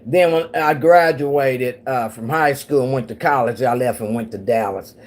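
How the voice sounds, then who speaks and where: A woman's voice: rumbling low, moderate pace, darkish tone. A woman from the central United States, hosting a casual livestream and chatting with viewers in a rambling way, laughing often. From United States, Missouri and Oklahoma. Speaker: livestream host.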